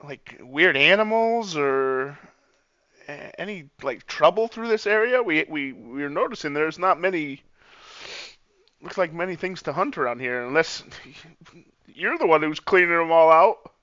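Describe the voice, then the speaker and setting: Bright-voiced man on a muffled mic. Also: a little high, expressive, a little slow, no echo. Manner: hesitant, filler-heavy. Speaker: player. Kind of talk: tabletop role-play.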